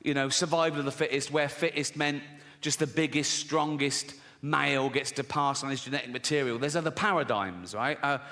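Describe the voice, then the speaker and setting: Middle-aged brit doing live standup, sweary fake-outraged rants, long echo in a big room. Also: male voice, mid-range voice, a little fast, pushed and bright. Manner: profane, mock-outraged ranting delivery. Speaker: stand-up comedian. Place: theater stage before an audience. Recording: live stage with long hall reverb and background noise.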